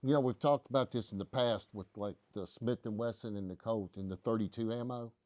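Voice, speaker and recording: A man's voice: lowish voice, fairly quick, darkish tone, no echo. A man hosting a casual live stream from a gun shop, telling stories in a folksy, joking way. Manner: folksy, joking, rambling explanations. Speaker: host.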